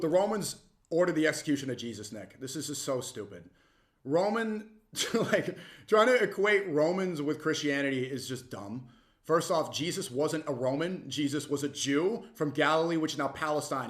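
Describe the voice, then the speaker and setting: A young man reacting to a clip with heated, mocking commentary that swings suddenly loud. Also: a little high, expressive, moderate pace.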